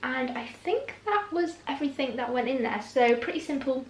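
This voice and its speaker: A woman's voice: high-pitched, animated, normal speed, reverberant. A young British woman chatting casually in a food vlog at home, bubbly and full of "like". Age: young adult. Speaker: vlogger. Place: home kitchen and garden.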